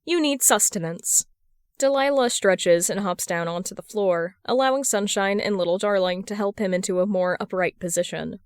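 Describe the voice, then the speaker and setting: A woman reads a story aloud in a steady, measured audiobook manner. Her voice is smooth and clear at a medium pitch, recorded close with a dry sound and no room around it. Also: dry recording. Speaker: podfic reader. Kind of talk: audiobook narration of fan fiction.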